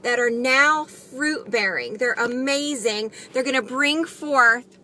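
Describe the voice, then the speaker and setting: A woman's voice: a little high, slow pace, sharp tone, slight background noise. A woman recording a devotional vlog from her car, talking in an earnest, encouraging way with lots of "just" and "you know.". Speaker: Christian vlogger. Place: in a car while driving. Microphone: phone camera.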